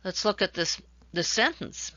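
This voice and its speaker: A woman's voice: fairly low pitch, lively intonation, measured pace, sharp tone, dry recording. Woman lecturing in a dry, dull recording. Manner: explanatory, demonstrating examples with varied emphasis. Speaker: instructor.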